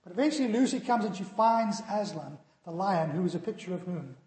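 A man preaching a sermon as pastor, building to loud emphatic points and then dropping to quiet, dramatic asides. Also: sits high, lively intonation, fairly quick. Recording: echoey hall.

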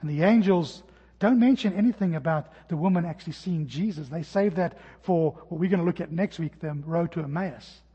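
A man preaching a sermon as pastor, telling stories and dropping his voice to a hush at key points. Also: fairly high pitch, brisk, slightly rough. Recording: dull sound with long hall reverb.

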